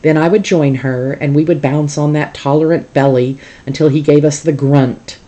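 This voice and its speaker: A teacher reading a novel aloud to a class in a calm, steady storytelling manner. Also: mid-range voice, normal speed.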